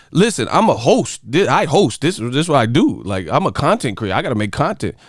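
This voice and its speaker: Male streamer host, slightly high, smooth and dry-sounding, profane and mocking while reading chat. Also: dry recording. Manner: profane, mocking, animated rants. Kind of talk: casual livestream chat reading.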